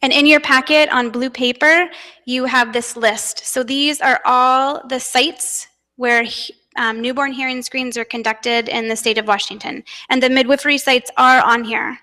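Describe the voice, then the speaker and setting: A woman's voice: high-pitched, fairly even intonation, unhurried, bright, forceful tone. An American woman giving an earnest, personal conference talk as a parent advocate. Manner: earnest, personal, emotional at times. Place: conference hall. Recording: long hall reverb.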